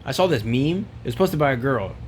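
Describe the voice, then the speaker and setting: A man's voice: mid-range voice, animated, brisk, slight background noise. A man ranting casually to camera, rambling and profane, full of slang and fillers. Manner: rambling, profane, slangy, says bro a lot. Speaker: vlogger.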